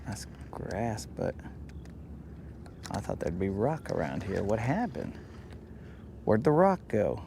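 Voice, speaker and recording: A man's voice: lowish voice, big pitch swings, takes it slowly, vocal fry, long pauses, dark tone, a little hiss or hum. A man hosting a live fishing stream from a boat, joking with viewers and muttering to himself as he fishes. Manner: joking, teasing chat, talking to himself. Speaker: fishing livestream host. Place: outdoors on a boat on a lake.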